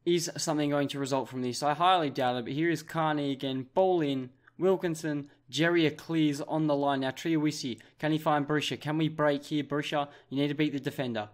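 A young Australian man commentating his football management game, with excitable play-by-play. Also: a little high, a little fast, few pauses. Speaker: gaming YouTuber.

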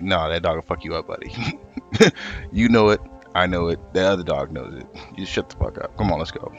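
A man streaming live as a comic artist, telling a rambling, profane, animated story while he paints. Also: low-pitched, highs cut off. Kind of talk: casual storytelling on a livestream.

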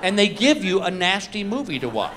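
A middle-aged man telling self-mocking stories in a live stand-up set, acting out his own reactions with animated delivery. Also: high-pitched, fairly quick, a crowd in the background. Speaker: stand-up comedian. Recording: noisy live comedy recording.

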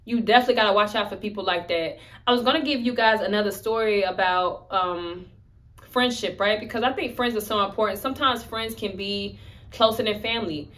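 A young woman sharing a story-time vlog, talking candidly and with emphasis. Her tone is conversational and blunt, and her voice sits at an ordinary pitch. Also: brisk, fairly bright tone. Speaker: vlogger.

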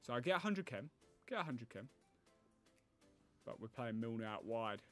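A man talking through a video game as he plays, thinking aloud, groaning and pleading at the screen. His pitch swings widely as he talks. Faint music plays underneath. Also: very animated, moderate pace. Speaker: gaming YouTuber. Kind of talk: live gameplay commentary.

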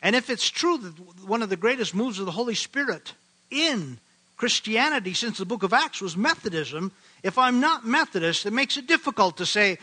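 Older man, midwestern pastor, high bright voice, earnest emphatic sermon delivery. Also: expressive, poor audio. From American Midwest. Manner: earnest, emphatic preaching with slow stressed phrases.

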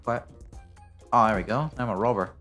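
A British man commenting on his own gameplay as a video creator, jokey and excitable, breaking into sudden loud yelps. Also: mid-range voice, fairly quick, faint music behind. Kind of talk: playing a game and commenting.

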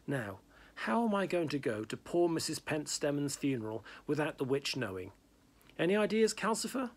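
A man's voice: big pitch swings, normal speed. A man voicing a vain, dramatic young male wizard who sulks and pleads. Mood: sulky. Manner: raised pitch, irritable and pleading lines.

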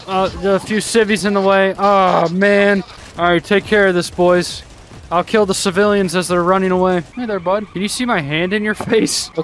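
A young man commenting on his gameplay in a rowdy, joking way and shouting at his teammates. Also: sits high, slight background noise. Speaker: gaming YouTuber.

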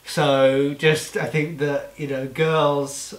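A man putting on a deeper voice to play an earnest young male vlogger. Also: flat delivery, slow, reverberant. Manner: put-on deeper voice.

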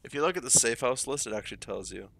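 A man's voice: medium pitch, lively intonation, quick pace, creaky, a bit bright, soft background music. A man streaming a game, chatting casually with friends and laughing often. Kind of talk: casual gaming chat.

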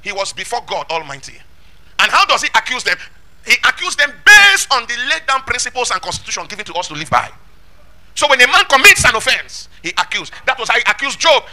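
A man preaching a sermon, emphatic, asking rhetorical questions and shouting lines of scripture. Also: very high-pitched, sing-song, fast talker.

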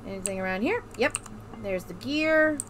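A gamer narrates her horror playthrough in nervous, self-reassuring chatter, repeatedly insisting everything is fine and cursing a lot. Her mid-range voice has lively intonation, normal speed, and a slightly bright tone, with a little hiss or hum on the recording. It's let's play commentary.

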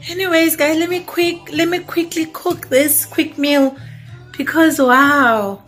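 A woman's voice: high voice, fairly even intonation, slow, fairly bright tone, soft background music. A young South African woman chatting casually with her vlog viewers in her home kitchen, switching between Xhosa and English and often calling out to them. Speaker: mom vlogger.

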